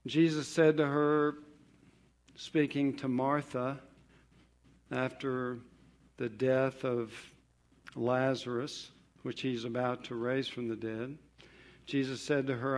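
A man preaching a sermon on scripture, emphatic, rising on key points and falling quiet at their close. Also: flat delivery, slow, long pauses. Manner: emphatic, building to stressed promises then dropping low.

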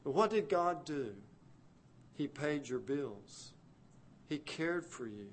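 A male preacher delivering a sermon at a slow, deliberate pace. His voice sits a little higher than most men's. He tells the story dramatically and swings from hushed lines to loud, urgent ones. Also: animated, slight background noise.

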